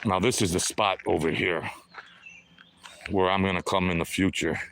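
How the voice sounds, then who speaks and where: A man's voice: low-pitched, fairly even intonation, normal speed, gravelly, a bit bright, a little hiss or hum. A man in his sixties talking to himself as he walks outdoors on a lakeside trail, chatty and upbeat, streaming live to viewers. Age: 60s. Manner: talks to himself while walking, chatty and upbeat. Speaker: vlogger. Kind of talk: live walking vlog.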